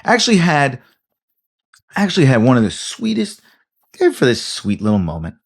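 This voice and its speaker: A man's voice: mid-range voice, fairly quick. A man, a comedian co-hosting a podcast, telling a story in casual chat and acting out the people in it. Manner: animated storytelling, acts out voices.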